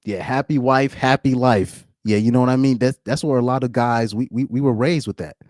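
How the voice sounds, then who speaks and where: A man's voice: medium pitch, a little fast, darkish tone, no room sound, clean studio sound. A man doing casual live-stream commentary, rambling and repeating words, often breaking into laughs.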